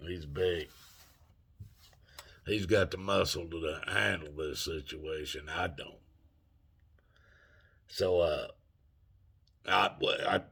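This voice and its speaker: A man's voice: low-pitched, drawn-out words, gravelly, long pauses, sharp tone, husky. A man of sixty telling a story in a rambling, folksy way with loose grammar. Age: 60s. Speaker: vlogger. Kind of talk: casual storytelling.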